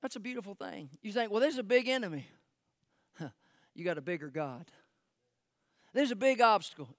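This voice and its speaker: A man preaching a sermon as pastor, swinging from shouted peaks to hushed, close asides. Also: sits high, dry recording. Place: church sanctuary.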